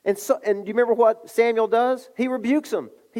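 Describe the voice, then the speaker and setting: A middle-aged man preaching a sermon, telling a story with animated delivery and acting out the voices. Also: very high-pitched, fairly quick, few pauses. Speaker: pastor.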